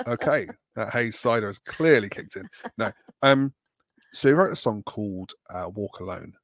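A man's voice: lowish voice, lively intonation, moderate pace, no echo, clean studio sound. A man from England co-hosting a casual podcast chat, rambling and self-deprecating with plenty of fillers. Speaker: podcast co-host.

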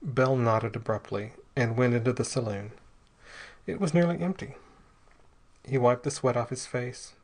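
Man narrating a story, steady and dramatic. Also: medium pitch, normal speed, long pauses. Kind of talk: scripted narration of a pulp adventure story.

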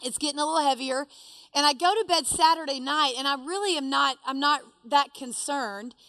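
A woman telling a personal story to a live audience, animated and self-deprecating. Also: high-pitched, a little fast, no room sound.

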